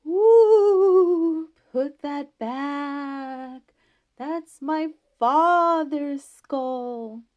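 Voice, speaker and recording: A woman's voice: high voice, highs cut off, pitched above the performer's own voice. Woman doing a wailing grumpy old ghost. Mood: moaning. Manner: wailing, hollering, drawn-out moans. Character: grumpy old male ghost locked in a tomb.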